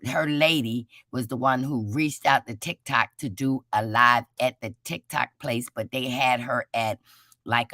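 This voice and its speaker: A woman's voice: extremely low pitch, fairly bright tone, no room sound, clean studio sound. Fervent woman testifying on a live chat. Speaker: guest. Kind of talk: casual live-stream chat.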